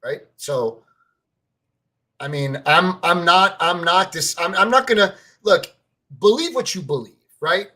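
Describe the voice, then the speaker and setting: Rambling podcast co-host, man with a high, bright voice, stumbles over words, cusses a lot. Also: expressive, measured pace. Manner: rambling, stammers and repeats words, swears freely. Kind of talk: casual sports fan chat.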